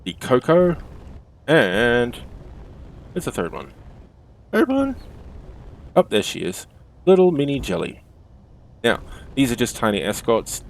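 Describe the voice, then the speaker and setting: A man hosting a game stream, chatting casually and correcting himself as he goes. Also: on the low side. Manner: chatty, self-correcting, laughs easily. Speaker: stream host.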